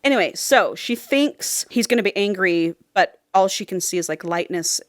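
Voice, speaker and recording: A woman's voice: mid-range voice, animated, moderate pace. A woman co-hosting a podcast, casually retelling a book plot with frank, profane humor. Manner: retells a plot in a chatty way, quoting characters. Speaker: podcast co-host recapping a book. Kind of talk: casual chat.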